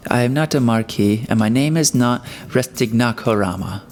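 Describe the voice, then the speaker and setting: A man's voice: medium pitch, normal speed, darkish tone, faint music behind, lightly acted. A man voicing a proud young male student in a storybook reading, stiff and cold.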